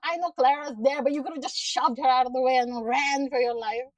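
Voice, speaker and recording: Woman, casual show recap, exasperated rant, swears a lot, slightly high voice, dry sound, a bit far from the mic. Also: brisk, dry recording. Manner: exasperated, animated ranting with frequent swearing and laughs. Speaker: show reviewer.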